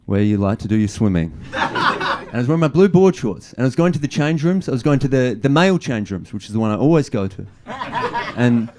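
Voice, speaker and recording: A young man from Australia tells rambling, self-mocking stories on a comedy stage, stumbling over his words as he goes. His pitch swings widely from line to line. A steady hiss of noise sits under the live recording. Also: brisk. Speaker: stand-up comedian. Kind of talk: stand-up comedy set. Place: comedy venue with live audience.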